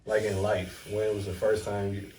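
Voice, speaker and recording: A man hosting a casual interview, asking relaxed questions in slangy talk. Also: fairly low pitch, normal speed. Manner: relaxed, prompting questions with slang and short backchannels. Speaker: host. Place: room in Michigan, recorded from a distance. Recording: roomy echo, distant mic, faint noise.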